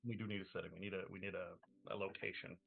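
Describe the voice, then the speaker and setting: A man's voice: sits low, level tone, fast, vocal fry, slightly rough. A man hosting a tabletop game as game master, casually asking his players questions. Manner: easygoing, asks the table questions. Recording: tinny, phone-like stream audio.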